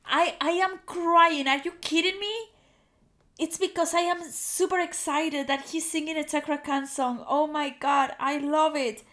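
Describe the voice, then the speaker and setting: A woman hosting a reaction video, talking in an excitable, gushing way with repeated exclamations and restarts. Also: high voice, moderate pace.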